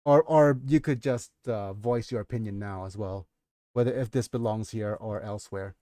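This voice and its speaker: Brief: Nigerian-accented male streamer reading his novel, warm mellow tone, dry close sound, chatty asides. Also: fairly low pitch, moderate pace, no echo. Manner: breaks off to comment and laugh at himself. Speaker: streamer and author. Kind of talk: reading his own novel aloud on a livestream.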